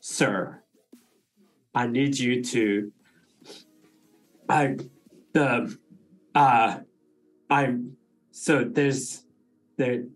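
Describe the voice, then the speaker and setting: A man's voice: mid-range voice, poor audio. A man voicing a flustered aristocrat who stammers and fakes panic, in a tabletop game. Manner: stammering, halting, then screaming.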